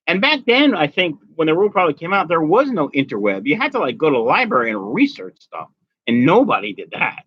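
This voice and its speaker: A man's voice: a little high, very animated, fairly quick, slightly rough, no echo, lo-fi sound. A man hosting a casual fish-keeping live stream, chatting loosely with viewers and greeting them by name while nursing a migraine. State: has a migraine. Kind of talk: casual live stream chat reading comments.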